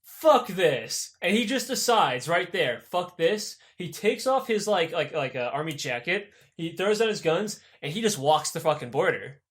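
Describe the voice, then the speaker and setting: A young man co-hosting a podcast, telling a history story in a casual, profane way and acting out the people in it. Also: a little high. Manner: animated, profane, acts out characters in quick voices. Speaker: podcast co-host.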